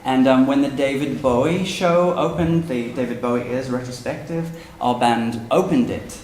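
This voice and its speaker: A man in his thirties, an author, is interviewed on stage at a book launch before an audience, and the roomy hall carries slight background noise. His medium-pitched, darkish voice moves at normal speed as he chats theatrically and laughs often.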